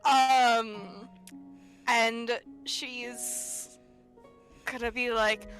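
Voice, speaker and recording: A woman player in a casual tabletop role-play, talking in a soft, measured way. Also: fairly high pitch, faint music behind.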